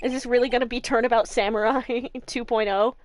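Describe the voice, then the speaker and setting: A young woman streaming a game, excitable commentary with swearing and laughter. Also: a little high, brisk, soft background music.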